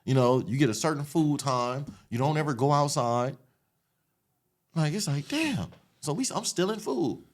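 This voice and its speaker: A man from the Los Angeles area, a podcast guest retelling his past in an animated, streetwise, profane way. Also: on the high side, normal speed. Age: adult, after an 18-year sentence. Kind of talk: casual storytelling interview.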